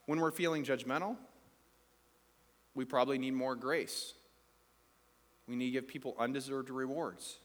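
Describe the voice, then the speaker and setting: A man's voice: medium pitch, steady tone, moderate pace, pauses often, a bit bright. A man preaching a sermon as pastor, earnest and quoting scripture to a congregation. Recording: long hall reverb.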